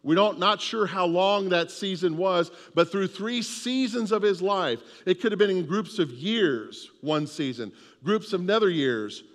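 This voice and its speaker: A man's voice: high-pitched, a little slow, few pauses, fairly bright tone, long reverb tail. A man preaching a sermon with an emphatic, repetitive cadence. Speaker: pastor.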